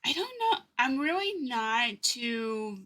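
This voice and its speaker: A woman in her late forties with a bright, forceful voice. She speaks candidly as a podcast guest and tells her own story. She acts out the people in it as she goes. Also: a little high, big pitch swings, slow pace. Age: 40s. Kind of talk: personal story in conversation.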